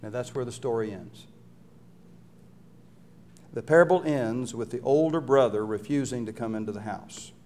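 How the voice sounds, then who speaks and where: A man preaching a sermon, telling a Bible story with lively acted-out quotes and rhetorical questions to his listeners. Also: medium pitch, normal speed, pauses often.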